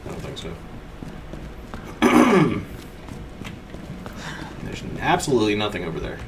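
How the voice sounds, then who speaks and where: A man's voice: on the low side, sing-song, slow, far from the mic, background noise. A man playing a horror game and thinking aloud as he explores. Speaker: let's play player. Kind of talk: casual gaming commentary.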